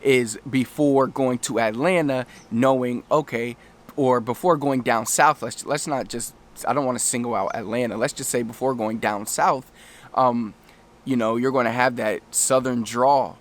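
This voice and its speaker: Casual man giving travel language tips. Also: mid-range voice. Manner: conversational, rambling with restarts and acted-out quotes. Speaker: language coach. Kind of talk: casual talking-head lesson.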